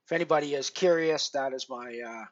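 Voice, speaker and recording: A man's voice: mid-range voice, a little fast, dull audio. A man hosting a poker live stream in casual chat, rambling with many fillers and restarts and poking fun at himself. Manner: self-deprecating.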